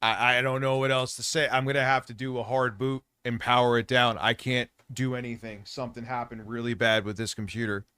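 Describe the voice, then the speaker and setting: A man's voice: medium pitch, level tone, a little fast, few pauses, bright, forceful tone, clean tone, no room sound. A man livestreaming, ranting with frequent profanity about broken computer hardware. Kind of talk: casual livestream chat.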